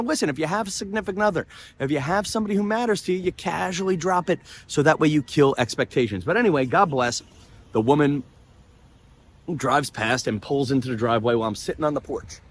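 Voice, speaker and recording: A man hosting his vlog outdoors near the ocean, telling a story in a rambling, excitable way full of restarts and asides. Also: a little high, a little hiss or hum. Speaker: comedian and vlog host.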